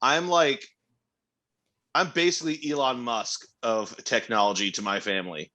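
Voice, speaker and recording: A man's voice: mid-range voice, lively intonation, moderate pace, pushed and bright. A young man co-hosting a podcast, chatting casually and telling stories with lots of swearing and laughter. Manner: profane, laughing storyteller. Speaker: podcast co-host. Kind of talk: casual chat.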